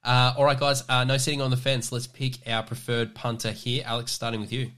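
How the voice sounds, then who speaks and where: A man's voice: medium pitch, little pitch movement, brisk, fairly bright tone. An Australian man hosting a casual sports podcast, loose and chatty, leaning on fillers while he steers the talk. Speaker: podcast host.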